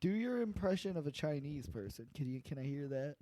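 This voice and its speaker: A man's voice: a little high, very animated, fairly quick, mellow, no room sound. A man hosting a podcast, teasing and joking with crude, profane banter. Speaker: podcast host.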